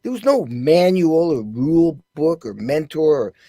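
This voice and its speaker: A man with a slightly high voice tells stories as a guest on a talk show. He acts out other people's lines with animated jumps in pitch. The sound is dry and close. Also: a little slow, no echo. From United States. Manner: animated storyteller, acts out quotes in raised voices. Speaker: guest drummer. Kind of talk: casual interview storytelling.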